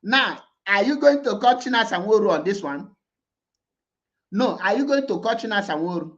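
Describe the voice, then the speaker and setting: A man's voice: high voice, animated, normal speed, fairly bright tone. A Nigerian-accented man giving mocking commentary, laughing and taunting, repeating words over and over. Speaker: online commentator. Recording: dull lo-fi sound.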